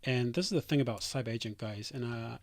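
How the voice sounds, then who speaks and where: A man's voice: mid-range voice, quick pace, no room sound. A developer streamer talking casually to his chat, reading comments aloud with dismissive, rambling asides.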